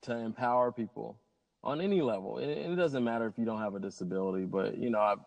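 A man's voice: medium pitch, fast talker, creaky. A man, a pilot telling stories in a casual interview in an upbeat, rambling way. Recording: long hall reverb.

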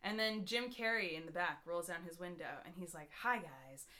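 A woman's voice: lowish voice, fairly quick, bright, forceful tone. An American woman in her twenties telling a long story on a podcast, rambling with lots of "like" fillers and casual swearing. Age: 20s. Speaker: podcast host.

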